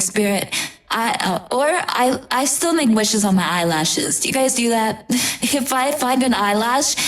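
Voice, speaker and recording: Gushing young woman chatting to camera. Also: mid-range voice. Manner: gushing, chatty and affectionate, trailing off and restarting. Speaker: tarot reader. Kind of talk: casual chat to camera.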